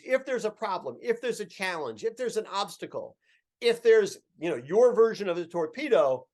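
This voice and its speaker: A man co-hosting a casual chat, explaining points with emphatic runs of parallel phrases. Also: high-pitched. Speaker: co-host.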